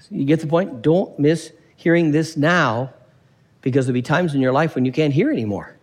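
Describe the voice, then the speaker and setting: A man delivers a sermon with a somewhat high, very lively voice that leaps up and down as he works through a scripture passage. He slips into quick character voices to act out the people in the text. His voice rings with the long reverb of a large hall. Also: breathy edge. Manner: animated, acts out characters, reads scripture aloud. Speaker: preacher.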